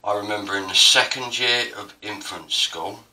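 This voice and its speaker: A man's voice: on the low side, normal speed, bright, forceful tone, recorded from a distance. A man with an Essex accent, chatting casually and rambling while he demonstrates printmaking, self-deprecating and prone to digressions. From Essex, South East England. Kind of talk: casual tutorial narration.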